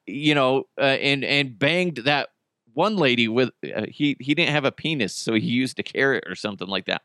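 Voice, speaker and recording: Lively, rambling man hosting a podcast. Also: fairly high pitch, no room sound, clean studio sound. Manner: rambling, joking, swears freely. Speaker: podcast host. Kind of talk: casual solo podcast chat.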